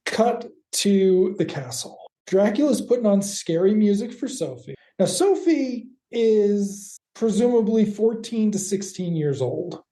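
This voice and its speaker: A woman co-hosting a podcast, recapping an episode in a wry, deadpan way. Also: medium pitch, unhurried, few pauses, roomy sound. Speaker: podcast co-host.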